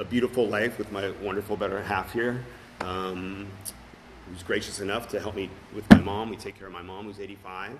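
An earnest middle-aged man with a lowish voice gives personal testimony at a recovery meeting. He tells his story plainly and warmly, with frequent ums and restarts. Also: background noise.

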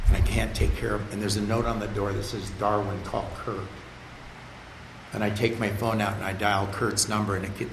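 An older man earnestly telling a personal story about getting sober, in a conversational way, sometimes repeating words. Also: lowish voice. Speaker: storyteller sharing his recovery story. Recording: roomy with faint background noise.

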